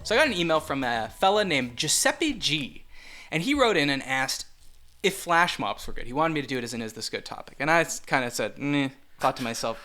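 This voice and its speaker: A man co-hosting a comedic podcast, talking casually and jokingly, with sudden loud, excited bursts. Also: fairly high pitch, a little fast, soft background music. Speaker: podcast co-host.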